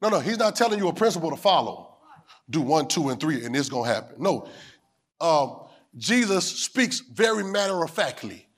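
A man a sermon in a call-and-response style. He repeats phrases, asks the room whether they hear him, and climbs to shouts. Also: fairly high pitch, big pitch swings, moderate pace, breathy edge. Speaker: preacher.

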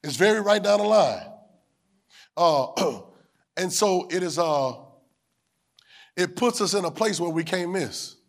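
A man a sermon in a call-and-response style. He repeats phrases, asks the room whether they hear him, and climbs to shouts. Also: high voice, lively intonation, takes it slowly, creaky, pauses often. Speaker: preacher.

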